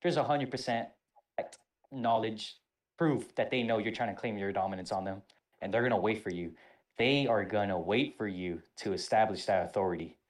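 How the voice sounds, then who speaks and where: Profane storytelling podcast host. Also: male voice, on the low side, moderate pace. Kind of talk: casual storytelling.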